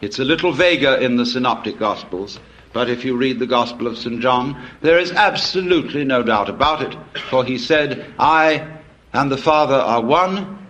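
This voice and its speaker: A man's voice: mid-range voice, animated, normal speed, fairly bright tone, slight background noise. A man giving a public lecture, telling stories in a wry, discursive way with frequent asides.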